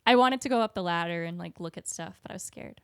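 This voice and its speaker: A woman's voice: on the low side, fast talker, clean tone, no room sound, studio quality. A woman co-hosting a podcast in casual chat, talking. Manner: chatty, with many fillers and giggles. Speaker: podcast co-host.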